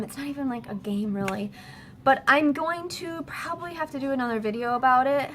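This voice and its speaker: High-voiced woman, casual home how-to vlog, hurried and chatty, faint hiss behind. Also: fairly bright tone. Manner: chatty, hurried, with fillers and restarts. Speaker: direct-sales consultant.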